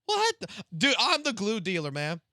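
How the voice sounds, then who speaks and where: A high, bright male streamer talks in a lively, swooping voice. He rambles through a profane late-night rant, restarting sentences as he goes, in a dry, close sound. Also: normal speed, no echo. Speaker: live streamer.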